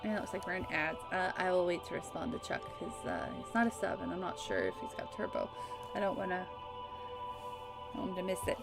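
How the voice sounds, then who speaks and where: A woman's voice: fairly low pitch, animated, fairly quick, gravelly. A woman livestreaming a game, chatting casually with her viewers in a bubbly, laughing manner. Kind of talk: casual gaming livestream chat. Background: game music.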